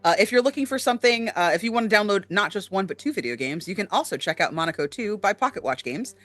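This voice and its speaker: Guy cohosting a chat show, kinda high bright voice, lots of ums, earnest. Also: expressive, fast, no echo. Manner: earnest, many fillers, warm shout-outs. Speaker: co-host. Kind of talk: casual chat.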